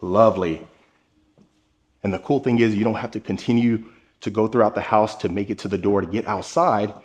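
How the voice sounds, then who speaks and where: Carrying a handheld camera from room to room, a man with a slightly low voice narrates a tour of a large house. He talks quickly and directly to viewers with steady enthusiasm.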